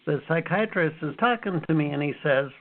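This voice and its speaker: A man in his fifties, an author telling lively stories from his life as an interview guest. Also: a little high, a little fast. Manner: animated storyteller, acts out his own past reactions. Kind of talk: storytelling interview answers. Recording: phone-like narrow sound.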